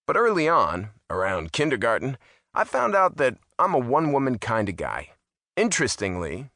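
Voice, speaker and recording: Wry man narrating with a bright tone. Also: mid-range voice, no echo, studio quality. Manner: wry, amused storytelling. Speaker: audiobook narrator. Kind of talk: first-person audiobook narration. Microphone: close studio mic.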